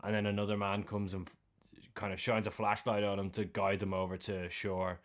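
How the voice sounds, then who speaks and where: A man's voice: lowish voice, level tone, a little fast. A young Irish man co-hosting a podcast, retelling a film's plot in a loose, chatty way with slang. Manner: retells scenes animatedly with slang and swearing. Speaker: podcast co-host. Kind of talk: casual film recap chat.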